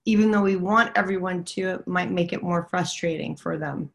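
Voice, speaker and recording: A woman co-hosting a podcast as a psychic medium, talking casually and pausing often to gather her thoughts. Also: lowish voice. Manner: halting, pausing to listen inward. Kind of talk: casual chat.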